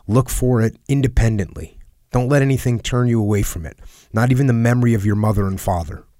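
A man reading a personal letter aloud in a solemn, earnest and measured way, sometimes dropping to a hush. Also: on the low side, dry recording, clean studio sound. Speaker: reader of a letter.

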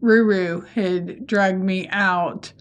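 A woman co-hosting a casual podcast, speaking slowly in an unhurried way. She is blunt and swears, laughing along with her co-host. Her pitch sits in the middle for a woman. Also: fairly even intonation. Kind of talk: casual chat.

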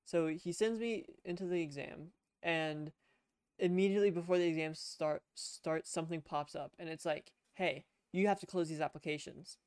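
A young man chats on a podcast from his computer at home, spinning out a long, rambling story full of restarts and the odd curse, as one of the show's co-hosts. His slightly high voice is smooth and resonant, with fairly even intonation at a normal speed. Recorded on a headset, the sound is close and dry with no room sound.

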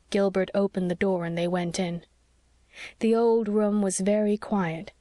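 Woman narrating an audiobook, even and calm, dry close mic. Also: mid-range voice, dry recording. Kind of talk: scripted narration.

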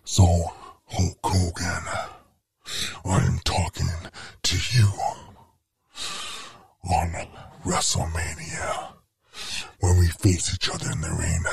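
Man doing a werewolf wrestler, very deep, gravelly, drawn-out growl, whispered threats. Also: a little hiss or hum, full character voice. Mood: brooding menace. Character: brooding male werewolf wrestler cutting a promo. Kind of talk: wrestling promo parody.

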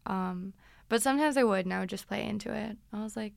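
A woman's voice: mid-range voice, fast, vocal fry, no echo, clean studio sound. A woman in her twenties casually telling stories from her teens as a podcast host, chatty and dramatic. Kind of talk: casual storytelling.

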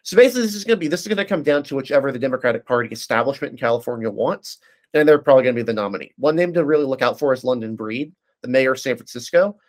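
A man giving a casual, detailed political analysis, talking with frequent restarts and fillers. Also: mid-range voice.

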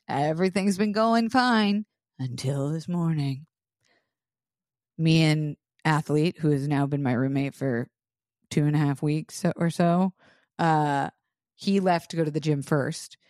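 A woman's voice: deep voice, unhurried, dry recording, clean studio sound. A woman co-hosting a podcast, telling a story in casual chat and laughing as she talks. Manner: animated storyteller, laughs mid-sentence. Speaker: podcast co-host.

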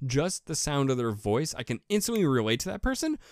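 A man in a casual solo monologue for his own podcast, speaking at an ordinary mid pitch. He rambles and pokes fun at himself, doubling words as he restarts his thoughts. The recording is dry and close, with no room echo. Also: very animated, fairly quick. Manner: rambling, self-deprecating, repeats words. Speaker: podcast host.

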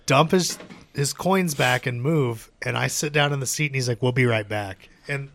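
A man's voice: mid-range voice, moderate pace, fairly bright tone, a little hiss or hum. A man casually telling a story with friends, laid-back and profane, quoting people as he goes. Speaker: podcast co-host telling a story. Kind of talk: casual chat.

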